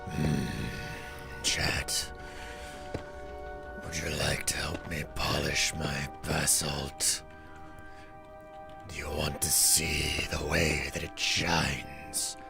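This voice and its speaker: A streamer voicing a creepy, sly ghoul in a whispered role-play, with a gravelly, drawn-out whisper. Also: male voice, very deep voice, little pitch movement, music in the background, voice pushed down, full character voice. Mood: leering. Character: creepy deep-voiced ghoul, sly and menacing.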